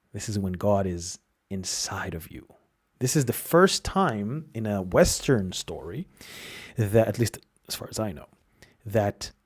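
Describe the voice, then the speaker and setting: A man's voice: fairly low pitch, a little mellow, breathy edge. A man hosting a solo podcast, talking in a reflective, explanatory way with frequent restarts. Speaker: podcast host.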